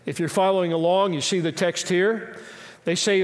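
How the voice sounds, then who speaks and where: A high-pitched male pastor delivers a sermon in a church sanctuary, and his voice trails off into a long hall reverb. He is emphatic, asks many rhetorical questions and slips in jokes along the way. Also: normal speed.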